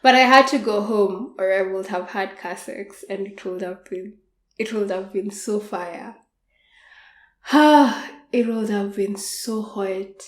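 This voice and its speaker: A woman podcast host telling a frank, unhurried story in a candid monologue, with soft laughs. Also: medium pitch. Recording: roomy echo.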